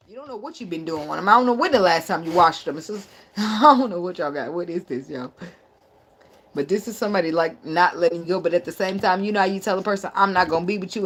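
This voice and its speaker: A woman's voice: mid-range voice, a bit bright, a little hiss or hum. A woman giving a casual tarot reading, blunt and profane, who laughs a lot and riffs in playful asides. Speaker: tarot reader.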